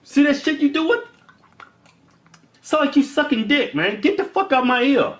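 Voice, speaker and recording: A man in casual comedy banter, crudely and repeatedly complaining that someone is too loud beside him. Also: very high voice, big pitch swings, normal speed. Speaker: comedy video host.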